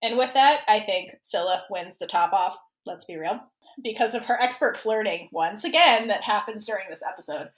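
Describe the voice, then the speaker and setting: A woman co-hosting a podcast in casual chat, chatty and quick to laugh. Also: medium pitch, animated, echoey room. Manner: giggly, chatty. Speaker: podcast co-host.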